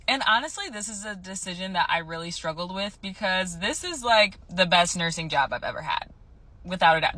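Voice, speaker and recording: A woman who is a nurse, talking chattily and excitedly in a vlog. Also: lowish voice, no echo. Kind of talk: vlog to camera.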